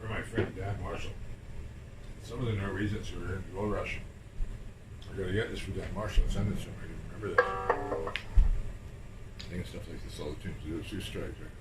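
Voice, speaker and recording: A man's voice: low voice, steady tone, a little fast, long pauses. A man chatting casually in a rambling way, repeating himself and swearing now and then. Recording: roomy and distant with air-conditioner hum.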